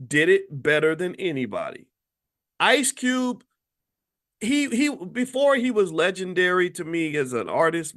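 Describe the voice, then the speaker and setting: A man hosting an impassioned opinion commentary, swinging from low muttering to high outbursts. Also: a bit bright. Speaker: host.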